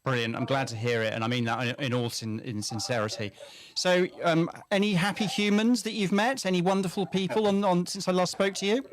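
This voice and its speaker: A man from southern England interviewing a friend, asking friendly, measured questions in a casual chat. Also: high voice, a crowd in the background.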